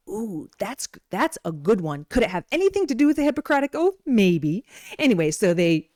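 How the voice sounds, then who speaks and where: Sing-song and brisk, her medium-pitched, slightly mellow voice carries a relaxed, playful wellness talk full of stories and asides. The modest home microphone still yields studio-quality sound with no room noise.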